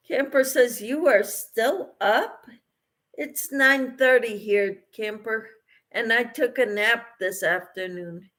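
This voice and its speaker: A woman's voice: fairly high pitch, takes it slowly, fairly bright tone. A woman hosting a casual crochet livestream, reading viewer comments aloud and answering them, tired late at night.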